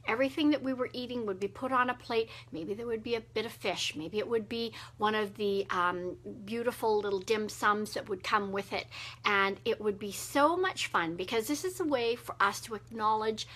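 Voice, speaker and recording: A middle-aged woman hosting a casual live wellness video, talking gently with many fillers. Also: mid-range voice, normal speed. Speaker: wellness host.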